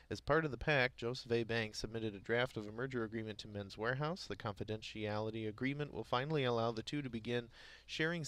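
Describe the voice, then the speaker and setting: A man's voice: mid-range voice, fairly bright tone, no echo. A man co-hosting a morning market show, chatting and then reading news headlines with occasional stumbles and self-corrections. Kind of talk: casual chat and news reading.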